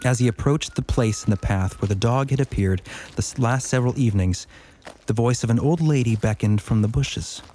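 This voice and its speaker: A man's voice: mid-range voice, a little fast, a little hiss or hum. Man hosting a paranormal podcast. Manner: animated storyteller, laughs easily. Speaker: podcast host. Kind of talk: story reading and casual chat.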